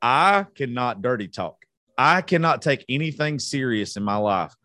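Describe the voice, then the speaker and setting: A man's voice: medium pitch, lively intonation, moderate pace, sharp tone, dry recording. Profane joking Southern man, dry close sound. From South Georgia, US. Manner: profane, joking, self-mocking. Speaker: podcast host. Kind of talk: casual unedited podcast banter.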